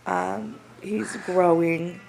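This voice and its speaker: A young woman, casually retelling a story and acting out what others said in lively voices. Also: fairly low pitch, drawn-out words, vocal fry. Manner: animated, acts out quotes of others. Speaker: new mother. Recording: noisy home recording.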